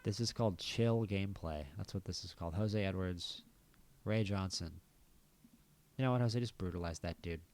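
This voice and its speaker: American man, low voice, casual gameplay commentary, thinking aloud, wry asides. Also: moderate pace, darkish tone. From United States. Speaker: gaming channel host.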